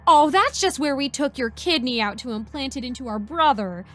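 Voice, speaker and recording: A woman's voice: high voice, lively intonation, moderate pace, fairly bright tone, faint music behind, voice pushed up. Woman voicing a sing-song, creepily motherly caretaker. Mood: sweetly sinister. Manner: sing-song, overly sweet and soothing. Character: sweet, creepy, motherly woman running a medical experiment.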